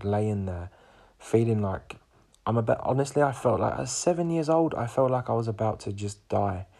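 A young man in his twenties, a podcast host, recounts a personal story in a loose, rambling way. His voice sits low and sounds gravelly and husky, and he keeps circling back with fillers and restarts. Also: darkish tone. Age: 20s.

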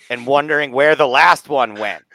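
A man in casual comedic podcast chat, throwing in quick wisecracks. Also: mid-range voice, sharp tone, no room sound.

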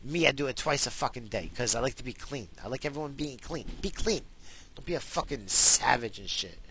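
Male vlogger, raspy and gravelly, tense edge, profane rambling rant. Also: medium pitch, expressive, brisk, sharp tone, a little hiss or hum. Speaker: vlogger with a wife and kids. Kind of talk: casual rant to camera.

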